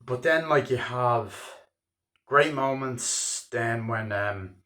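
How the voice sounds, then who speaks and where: A man's voice: medium pitch, slow, pushed and bright. A man giving a loose, chatty spoken film review, heavy on filler words and swearing freely. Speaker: movie reviewer. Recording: echoey room.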